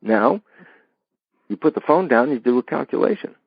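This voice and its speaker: A man being interviewed, explaining ideas with lively stories and acted-out dialogues. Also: medium pitch, normal speed, vocal fry, slightly rough, dry recording, dull audio. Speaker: interview guest. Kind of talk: animated explanatory interview talk.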